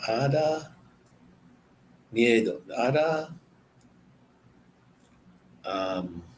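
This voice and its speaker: A man chatting casually and explaining words, halting and searching for words as he goes. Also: mid-range voice, animated, slight background noise. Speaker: person explaining language to a visitor. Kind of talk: casual chat.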